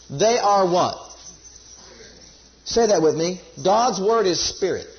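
High-voiced emphatic male preacher. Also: animated, takes it slowly, pauses often. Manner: emphatic, repeats key phrases, leads congregation call-and-response. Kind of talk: sermon. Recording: dull lo-fi sermon recording.

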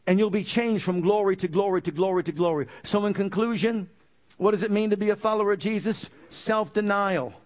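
A man preaching a sermon, quizzing the congregation with call-and-response questions and moving between loud emphatic passages and low, quiet pleading. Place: church.

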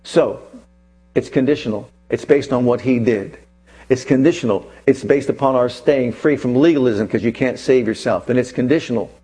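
A man preaching a sermon, swinging from hushed, low asides to soaring, fervent scripture recitals. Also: moderate pace, slightly rough. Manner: chants scripture with rising fervor.

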